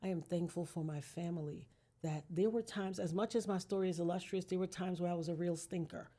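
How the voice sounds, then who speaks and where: A woman's voice: fairly low pitch, steady tone, a little fast, dark tone. A middle-aged woman, a podcast guest, talking earnestly and emphatically about her life, with a preacher-like manner. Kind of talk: heartfelt personal conversation.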